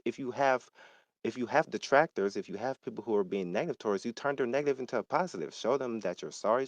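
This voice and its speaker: A man's voice: mid-range voice, no room sound, dull audio. A man ranting heatedly and emphatically in a casual gaming discussion.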